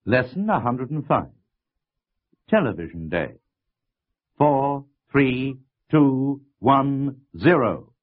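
A man narrating a language lesson, reading slowly and deliberately. His voice is husky, and his pitch moves a great deal. The recording is tinny and narrow, like a phone line. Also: very animated. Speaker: course narrator. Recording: tinny lo-fi tape.

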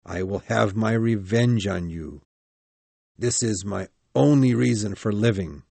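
A man voicing a bitter, vengeful male monster in a storybook reading, speaking slowly and loudly in a dry recording. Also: lowish voice, creaky, dry recording.

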